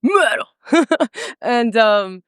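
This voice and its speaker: A woman's voice: on the high side, lively intonation, very slow, fairly bright tone, clear, resonant tone, dry recording, studio quality. A woman co-organizing an event, chatting casually on a podcast and laughing often. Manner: giggly, upbeat, laughs often. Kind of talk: casual chat.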